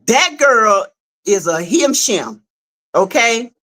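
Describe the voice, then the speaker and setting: A woman with a Southern US accent giving animated, casual livestream commentary on a web skit series, talking straight to viewers. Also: fairly high pitch, slow. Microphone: streaming setup.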